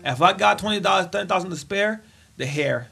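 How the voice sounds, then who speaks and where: A man's voice: sits high, animated, brisk, vocal fry, bright, forceful tone, slightly rough. A man co-hosting a podcast in casual chat, curious and quizzing his friends with questions. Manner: curious, asks the group questions. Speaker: podcast co-host.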